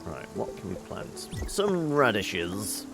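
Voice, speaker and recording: A man's voice: fairly low pitch, sing-song, slow pace, creaky, over music. A man hosting a casual let's-play, thinking aloud about game puzzles as he plays. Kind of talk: casual gameplay commentary.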